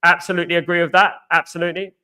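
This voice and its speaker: Young man, high-pitched, bright tone, hoarse, chatty live-stream host. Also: level tone, very fast. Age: young adult. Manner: chatty, repeats phrases, greets viewers by name. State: voice going hoarse. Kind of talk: casual live-stream chat, reading viewer comments.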